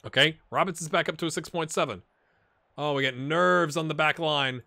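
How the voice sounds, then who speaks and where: A man casually commentating his own football video game, excitable and wry, jumping from loud cheering to quiet muttering. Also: a little high, normal speed, vocal fry, pauses often, dry recording. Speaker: gaming channel host.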